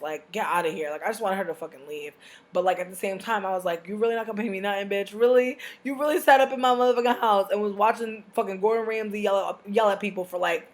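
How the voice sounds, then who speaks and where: A young adult woman telling a profane storytime rant as a vlogger, venting loudly and acting out both sides of an argument. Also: medium pitch. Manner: loud, profane, animated venting with acted-out dialogue.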